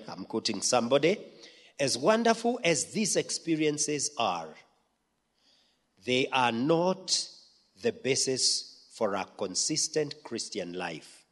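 A man preaching a sermon, emphatic, swinging from loud peaks to quiet asides. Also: mid-range voice. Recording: long hall reverb.

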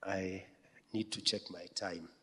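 A man preaching a sermon, emphatic, swinging from loud peaks to quiet asides. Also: deep voice, fairly even intonation, slow pace, slightly rough. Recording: long hall reverb.

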